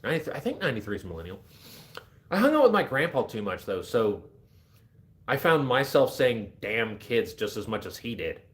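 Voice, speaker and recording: A man's voice: medium pitch, big pitch swings, brisk, a bit bright. A man in his thirties chatting casually on a livestream, joking, self-deprecating and easily distracted. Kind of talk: casual rambling livestream chat.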